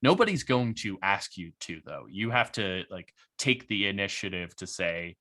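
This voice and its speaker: Man, podcast guest, low-ish bright voice, laid-back, chatty, lots of "like". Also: normal speed, hardly any pauses. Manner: relaxed, chatty, many fillers and likes. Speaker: guest, head of strategy at a crypto firm. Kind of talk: casual podcast interview.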